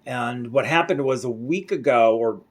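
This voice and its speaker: A man's voice: medium pitch, moderate pace. Chatty, rambling man in a video diary. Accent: American English. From Mexico. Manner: rambling, chatty, self-correcting. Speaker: vlogger. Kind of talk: casual daily video diary.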